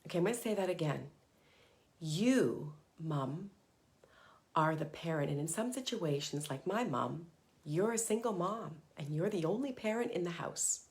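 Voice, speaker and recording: A woman's voice: fairly low pitch, lively intonation, a little fast, a little mellow. A middle-aged woman hosting a live motivational talk for moms, earnest and emphatic, sometimes dropping to a whisper for short mantras. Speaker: parenting coach and host.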